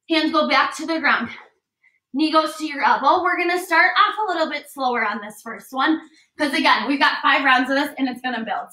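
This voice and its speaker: A woman's voice: high-pitched, bright, forceful tone. A young woman leading a bodyweight workout class, coaching moves and counting down reps in an upbeat, encouraging way. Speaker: fitness trainer. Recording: echoey room, voice a bit distant.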